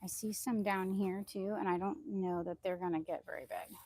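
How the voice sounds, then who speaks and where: A woman chatting casually on a phone live stream while walking through her backyard garden, rambling loosely and calling out high to her chickens. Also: fairly even intonation, normal speed, dark tone. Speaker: vlogger. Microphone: phone held in hand.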